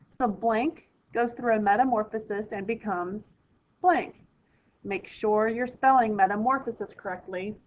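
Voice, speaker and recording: A woman teaching a recorded vocabulary lesson to students, explaining each word clearly and step by step. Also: fairly high pitch, muffled recording.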